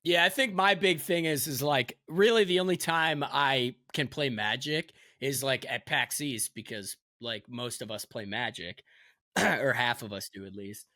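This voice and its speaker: Casual podcast co-host, young adult male, bright edge, dry sound, laughs and curses. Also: medium pitch, unhurried, no echo. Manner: loose, laughing, swears a lot. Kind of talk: casual chat.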